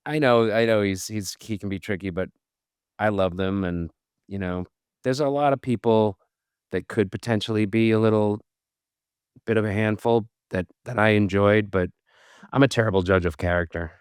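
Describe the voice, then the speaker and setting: A middle-aged man from Boston, an actor telling self-deprecating stories as a podcast guest, with halting restarts. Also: on the low side, clean tone, no echo, clean studio sound. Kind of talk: casual storytelling interview.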